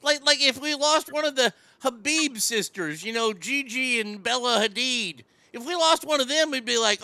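A man's voice: very high voice, lively intonation, normal speed, vocal fry, few pauses, pushed and bright, no room sound. A man hosting a radio talk show, telling crude comic stories with acted voices in a brash, riffing way from a studio mic.

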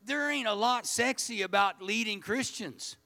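Folksy high-voiced preacher. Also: male voice, unhurried, bright, forceful tone. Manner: folksy, storytelling, repeats words. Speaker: pastor. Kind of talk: sermon.

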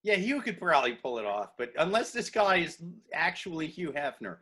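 Man, podcast co-host, high voice, swoops around, crude jokey banter. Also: a little fast. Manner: profane, animated, jokey rants.

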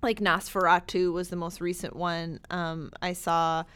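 A woman's voice: fairly low pitch, flat delivery, unhurried, a bit bright, clean tone. A woman co-hosting a library podcast, recommending books in an enthusiastic, chatty way with many fillers. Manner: enthusiastic, chatty, laughs easily. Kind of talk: casual podcast chat.

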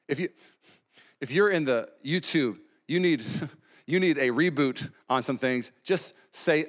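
A man in his thirties preaching a sermon as pastor, animated, with sudden loud exclamations. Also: mid-range voice, moderate pace.

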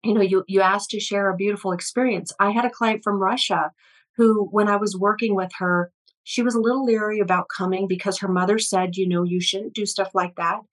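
A woman speaking as an energy healer guest in an interview, her voice sitting at an ordinary middle pitch. She tells long stories in an earnest, flowing way, often restarting phrases and leaning on little fillers. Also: fairly even intonation, a little fast, low-quality recording. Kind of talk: conversational storytelling interview.

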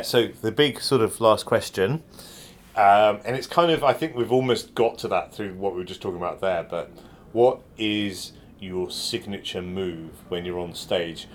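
A man's voice: on the low side, moderate pace, a little hiss or hum. A man hosting a podcast, chatting casually and with amusement with his improv guest. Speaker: podcast host.

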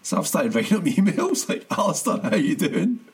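A man co-hosting a casual football podcast, rambling through his points with restarts and bursts of laughter. His voice is slightly husky and his pitch swings widely as he talks. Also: big pitch swings, a little fast. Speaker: podcast co-host.

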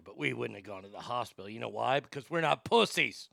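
A man's voice: medium pitch, lively intonation, a little fast, vocal fry, few pauses, pushed and bright, no room sound. A man hosting a comedic talk show, ranting in a profane, sarcastic way into a close studio mic. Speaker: host.

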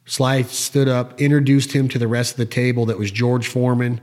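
A man's voice: mid-range voice, moderate pace. A man co-hosting a casual talk show, telling a story with energy and acting out the people he quotes. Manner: animated storyteller, acts out quoted voices.

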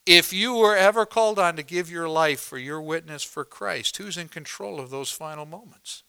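A man preaching a sermon as pastor, swinging between hushed moments and loud, emphatic climaxes. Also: on the high side, normal speed, vocal fry, smooth.

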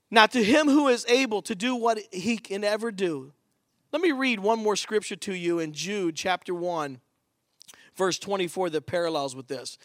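Male preacher, high bright voice, fervent sermon delivery, dry close sound. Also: no room sound. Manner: fervent storytelling preacher, swings from shouting to hushed. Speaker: preacher at a men's ministry.

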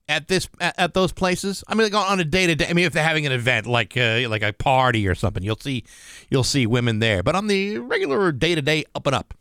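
A man's voice: fairly high pitch, smooth, no echo. Wry male radio co-host, dry studio. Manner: wry, deadpan asides. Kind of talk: casual morning radio banter. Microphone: studio microphone.

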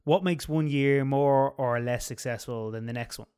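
Male host, friendly interviewer, mid pitch. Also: moderate pace, darkish tone, clean tone. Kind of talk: interview questions.

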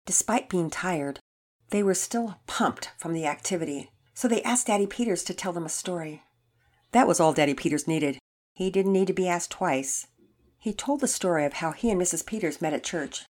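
Animated woman reading a children's story. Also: on the low side, moderate pace.

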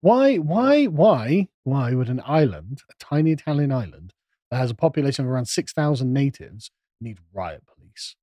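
A man's voice: mid-range voice, very animated, moderate pace, warm tone, dry recording, studio quality. A man co-hosting a political podcast, throwing in mocking interjections and rhetorical questions. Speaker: podcast co-host. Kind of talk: casual political podcast chat.

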